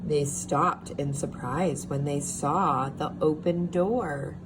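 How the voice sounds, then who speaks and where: A woman teacher reading a storybook aloud to young children, expressive and pausing to ask them questions. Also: sits low. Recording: steady background hiss.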